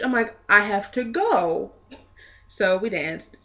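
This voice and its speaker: A woman's voice: medium pitch, expressive, takes it slowly, a bit bright. A young woman with an ordinary mid-range voice chats on camera. She rambles through a story, drifting and trailing off, in an easygoing vlog tone. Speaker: vlogger. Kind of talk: casual chat.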